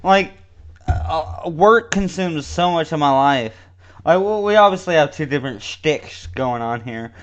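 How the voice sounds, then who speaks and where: A young man chats loosely as a podcast co-host, his high voice climbing as he laughs. His speech runs a little slurred, and he rambles through stories, cursing freely. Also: animated, unhurried, muffled recording. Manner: rambling, laughs often, swearing. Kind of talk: casual chat.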